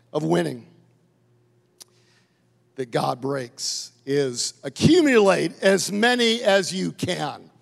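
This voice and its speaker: A middle-aged man preaching a sermon as a pastor, impassioned and building to loud declarations. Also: high voice, vocal fry. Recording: long hall reverb.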